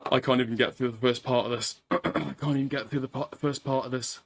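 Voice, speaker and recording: A man's voice: mid-range voice, fairly even intonation, fairly quick, vocal fry. A man casually commenting on a live stream, swearing and rambling as he repeats himself.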